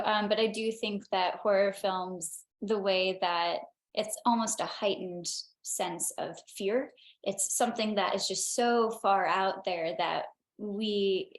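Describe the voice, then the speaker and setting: A young adult woman, an actor being interviewed, answering casually and hesitantly with many restarts and fillers. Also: medium pitch. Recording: roomy echo.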